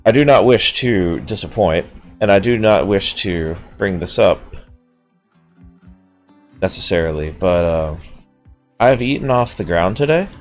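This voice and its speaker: A man doing a prim young female colonist from a game, speaking in formal, overly polite sentences that quietly lay the blame elsewhere. The voice stays low and deep, with a lively, swinging melody. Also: a little slow, long pauses, soft background music. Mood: prim reproach.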